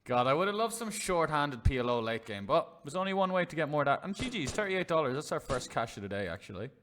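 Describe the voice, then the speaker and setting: A man's voice: a little high, big pitch swings, fast, a bit bright, a little hiss or hum. A man commentating on his own online poker hands live, chatty and swearing freely, talking to his chat as lads and boys. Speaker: poker streamer.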